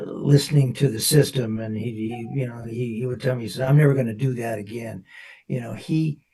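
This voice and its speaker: A man with a gravelly, husky voice and a dark, low timbre speaks on a live panel. He is reflective and halting, with his phrases often trailing off softly. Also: far from the mic. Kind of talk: casual panel discussion.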